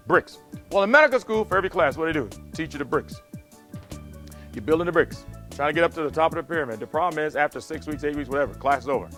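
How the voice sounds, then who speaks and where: A man teaching medical exam material and describing his prep program, animated and vivid, acting out heart sounds. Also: fairly high pitch, rapid-fire, faint music behind. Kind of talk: lecturing and promotional interview.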